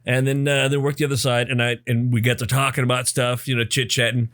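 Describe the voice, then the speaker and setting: A man's voice: mid-range voice, flat delivery, quick pace, a bit bright. Rambling mid-voiced podcast man. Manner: rambling storytelling with fillers. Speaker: podcast co-host. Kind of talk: casual chat.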